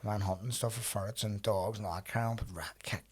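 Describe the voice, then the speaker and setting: A man's voice: on the low side, fairly even intonation, fast, slightly rough. A man hosting a podcast, telling blunt, swear-filled anecdotes in casual chat. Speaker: podcast host.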